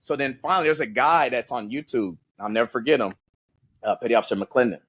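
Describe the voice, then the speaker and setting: A man, a former Navy SEAL guest on a podcast, telling stories in a casual, animated and profane way. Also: medium pitch, quick pace. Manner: animated, profane, acts out voices in his stories. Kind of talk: casual storytelling in an interview.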